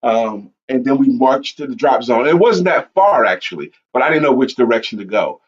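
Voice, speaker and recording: A man co-hosting an online talk show, telling a personal story in an animated way and acting out his own shouts. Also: mid-range voice, normal speed. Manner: animated storyteller, acts out yelling. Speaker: podcast co-host. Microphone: online stream setup. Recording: dull lo-fi stream audio.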